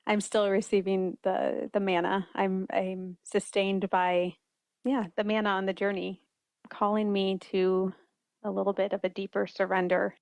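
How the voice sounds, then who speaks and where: A woman's voice: medium pitch, level tone, a little slow, gravelly, darkish tone, no room sound. A woman guest author speaking earnestly and reflectively in an interview, often restarting her sentences. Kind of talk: conversational interview.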